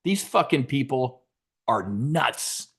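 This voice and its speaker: A man at a mid-range pitch rants in a combative, sarcastic way, swearing often. He punches key words with sudden loud bursts. He sounds like a trading show host gone off on a tangent. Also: very animated, takes it slowly, slightly rough. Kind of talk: profane political rant.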